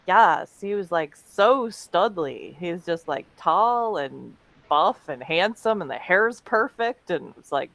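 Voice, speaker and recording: A woman's voice: on the low side, lively intonation, takes it slowly, gravelly, fairly bright tone, dry recording. A woman co-hosting a comedic webcast, telling chatty anecdotes and laughing often. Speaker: co-host. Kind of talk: casual comedic chat.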